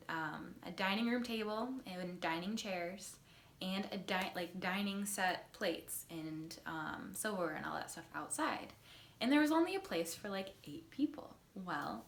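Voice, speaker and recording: A woman's voice: medium pitch, fairly bright tone. A young woman vlogger telling a story in a rambling, giggly way, full of fillers and restarts, while stoned. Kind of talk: casual storytime monologue. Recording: roomy echo.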